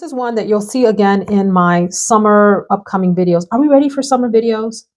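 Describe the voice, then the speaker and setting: A woman's voice: medium pitch, a little fast, few pauses, a little mellow. A woman reviewing fragrances in a casual chat to camera at home, bubbly and talkative, laughing often. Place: home room with perfume shelves behind.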